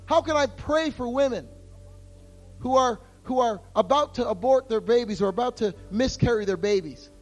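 A pastor delivers an impassioned sermon in a high, lifted voice. He drops to near-whispers before surging back to full force, and soft music plays faintly beneath his words. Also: normal speed. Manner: impassioned preaching, swinging from hushed to loud.

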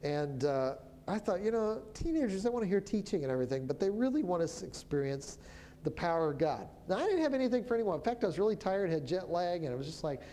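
A minister telling a story of prophesying over people, in a relaxed conversational way that often stops and restarts. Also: medium pitch, quick pace, slight background noise. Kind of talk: storytelling testimony.

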